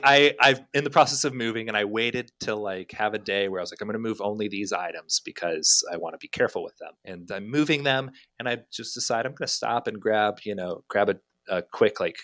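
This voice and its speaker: A man as a podcast guest, telling stories in a rambling, animated way with lots of fillers. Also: fairly low pitch, no room sound. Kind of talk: casual storytelling chat.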